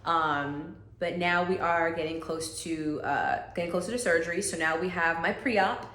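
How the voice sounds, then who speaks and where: Woman vlogger, lowish voice, relaxed chatty storytelling, acts out the other people she quotes, slight room echo. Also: normal speed. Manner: chatty, heavy use of "like", addresses viewers as "y'all"; acts out quoted conversations with shifts in pitch. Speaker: vlogger sharing a personal health testimony. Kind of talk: casual storytelling testimony.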